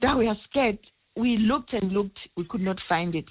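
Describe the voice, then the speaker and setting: A woman's voice: mid-range voice, breathy edge. Middle-aged woman calling in by phone. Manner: slow, halting, repeats words. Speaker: caller. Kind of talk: phone-in radio call. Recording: tinny phone line.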